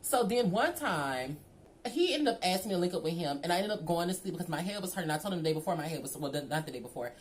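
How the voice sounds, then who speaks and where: A young woman vlogger telling a storytime to her viewers in a sassy, animated way, often calling the listener "girl". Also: lowish voice, fast, slight background noise.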